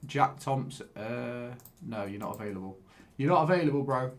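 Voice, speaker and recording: Male streamer, mid-pitched, excitable and sweary, chatting to viewers while playing a game. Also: moderate pace. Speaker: live streamer. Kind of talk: casual live-stream commentary while gaming.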